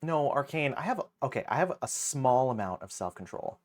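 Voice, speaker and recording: A livestreamer chatting casually with viewers and thanking supporters, with a teasing, playful manner that swings from low mutters to excited squeals and laughter. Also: normal speed. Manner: teasing, playful banter with chat. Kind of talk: casual live-stream chat, thanking viewers.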